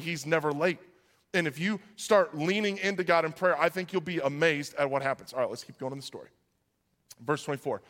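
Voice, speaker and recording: A middle-aged male pastor delivers a casual, story-driven sermon, peppering his talk with "like". His voice sits a bit high for a man. It rings out with the long reverb of a large hall. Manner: conversational, uses "like" often, animated storytelling.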